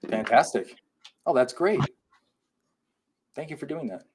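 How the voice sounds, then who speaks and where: A man co-hosting a live paranormal podcast in a relaxed, chatty way. He reads out listener messages and answers them in an even, everyday voice. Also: mid-range voice, unhurried, breathy edge. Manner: reads listener comments aloud and reacts. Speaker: podcast co-host. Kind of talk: casual live podcast chat.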